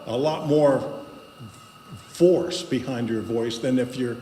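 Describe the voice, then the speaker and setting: Leading a congregation in a voice exercise, a guest speaker talks in a medium-pitched, mid-range voice, slow and guiding, with gaps between instructions. The spiritual center's meeting hall is spacious, giving a long reverb tail, and steady noise runs underneath.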